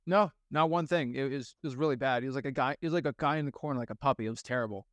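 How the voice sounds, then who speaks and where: A young man tells his story as a guest, energetic and quick to act out what others said. His voice comes through smooth and resonant. The sound is dry and close. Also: mid-range voice, no room sound. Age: young adult. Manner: energetic, quotes people in animated voices. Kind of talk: casual storytelling.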